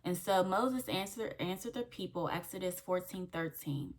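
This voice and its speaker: A woman's voice: on the low side, lively intonation, moderate pace. A young woman hosting her faith channel, giving an earnest devotional teaching that repeats key phrases and checks in with "okay?". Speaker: faith coach and channel host.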